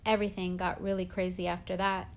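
Brief: woman narrator, low-pitched, steady audiobook reading. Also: fast talker. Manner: plain, steady storytelling. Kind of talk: scripted narration.

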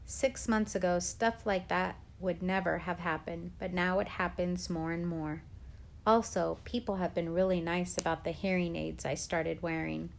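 Woman reading a novel aloud, slightly low. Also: fairly even intonation, moderate pace, gravelly, a little hiss or hum. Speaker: reader of a chapter book.

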